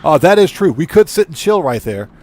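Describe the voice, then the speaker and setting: A man's voice: on the high side, big pitch swings, a little fast, a little mellow. A man casually commenting on a live stream as he plays a video game, laughing often and greeting his viewers.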